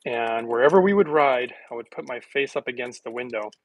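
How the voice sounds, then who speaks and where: A man's voice: medium pitch, a little fast, no echo, low-quality recording. A middle-aged man from the United States chatting casually to his viewers at home. He rambles, chuckles often and pokes fun at himself. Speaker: vlogger.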